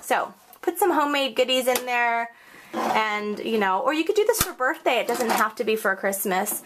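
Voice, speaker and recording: A woman's voice: brisk, noisy background. Bubbly chatty woman crafter. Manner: bubbly, chatty, squeals high when excited; self-correcting, apologetic asides. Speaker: crafting video host. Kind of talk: casual craft tutorial.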